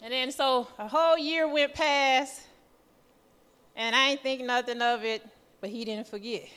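Bright-voiced woman preaching in echoey church. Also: sits high, a little slow, clean tone. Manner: nervous, chatty storytelling with lively quoted voices. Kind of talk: testimony sermon. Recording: reverberant church hall.

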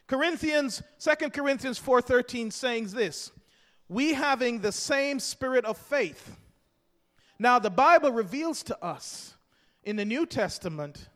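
A man preaching a sermon with passion, swinging from hushed, low-key lines to loud, shouted declarations. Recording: long hall reverb.

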